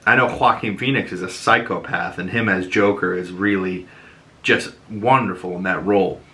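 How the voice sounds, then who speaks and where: Chatty bright-voiced man with Boston accent. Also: sits low, normal speed. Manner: rambling, loose and chatty, lots of fillers. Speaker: podcast host. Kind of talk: casual commentary.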